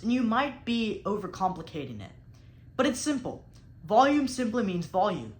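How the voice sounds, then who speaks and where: In a reverberant space, a young debate coach with a medium-pitched, fairly bright voice walks listeners through speaking technique. Her delivery is explanatory and emphatic, with key words stressed deliberately and tone shifted on purpose.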